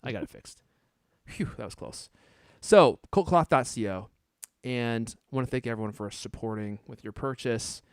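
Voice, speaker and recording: A man hosting a podcast in casual chat, joking and animated, stumbling over fillers and restarts. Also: medium pitch, moderate pace, clear, resonant tone, dry recording, clean studio sound. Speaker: podcast host.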